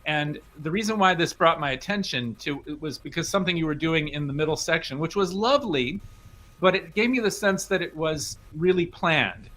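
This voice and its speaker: A man judging a music competition, giving animated spoken feedback to a young player. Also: a little high, normal speed. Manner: animated, sings phrases aloud to illustrate. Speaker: competition judge.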